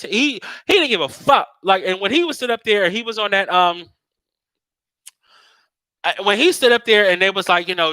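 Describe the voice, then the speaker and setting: Profane and animated, this man rants about politics in casual talk, imitating others in mocking put-on voices. His voice sits high, and the recording is rough but free of echo.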